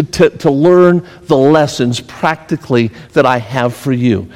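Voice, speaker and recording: A man's voice: a little high, measured pace, few pauses, a little mellow. A man preaching a sermon as pastor, telling stories and rising to emphatic exhortation. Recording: long hall reverb.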